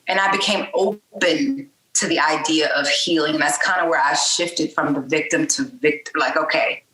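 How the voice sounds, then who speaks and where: Bright-voiced woman in a roomy space. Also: deep voice. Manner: open, conversational, frequent fillers. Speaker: podcast guest. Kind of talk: candid personal interview.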